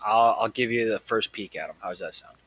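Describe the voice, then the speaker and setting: A man's voice: lowish voice, fairly quick, fairly bright tone, slightly rough, poor audio. A man playing a tabletop game in a breezy, laid-back way. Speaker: player. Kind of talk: tabletop role-play.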